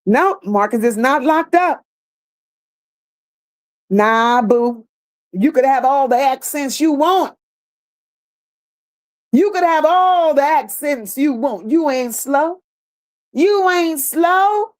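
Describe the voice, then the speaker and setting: A woman's voice: high-pitched, expressive, slow pace, pauses often, a little mellow. A woman hosting a livestream, reading viewer comments aloud and answering them bluntly, with sassy repeated phrases. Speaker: livestream host.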